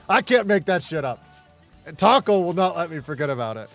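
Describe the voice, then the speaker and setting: A middle-aged man chats through a gaming session, trading blunt, profanity-laced stories and laughing at his own anecdotes. His voice sits a touch higher than most men's, with faint music playing underneath. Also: very animated, normal speed, fairly bright tone. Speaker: gaming streamer. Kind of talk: casual storytelling while gaming.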